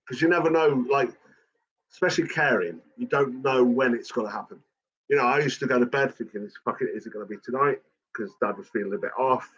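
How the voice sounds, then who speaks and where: A man's voice: medium pitch, slightly rough, dull audio. A man talking casually and emotionally about his late father, swearing a lot and rambling. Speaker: son of a late cartoonist, guest.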